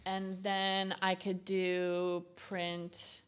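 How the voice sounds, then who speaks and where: A woman's voice: lowish voice, monotone, very slow, smooth. A young woman streaming as she codes, thinking aloud and reading lesson text half to herself. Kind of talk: casual coding stream commentary.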